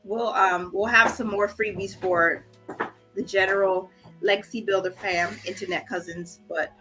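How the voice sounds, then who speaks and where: A woman's voice: medium pitch, steady tone, normal speed, soft background music. A woman hosting a budgeting livestream, chatting casually with viewers and greeting them by name. She is emotional and trying to hold back tears. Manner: warm, encouraging, reads viewer comments aloud. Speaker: budgeting channel host.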